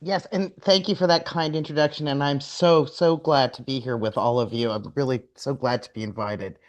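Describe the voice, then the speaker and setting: A woman's voice: a bass voice, steady tone, moderate pace. A woman speaking as the guest expert on a webinar panel, explaining in an earnest way. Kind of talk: webinar talk.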